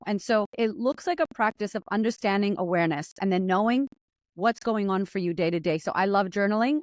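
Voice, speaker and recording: Woman guest, fast and lively talker who voices her own thoughts aloud; dry, close sound. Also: medium pitch, no room sound. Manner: fast, impatient, acts out her inner voice. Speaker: podcast guest. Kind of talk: animated conversational storytelling.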